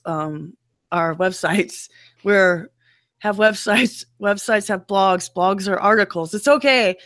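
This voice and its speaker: Chatty woman with a low voice. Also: no echo, clean studio sound. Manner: animated, playful impressions of other voices. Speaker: podcast co-host. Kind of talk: casual chat.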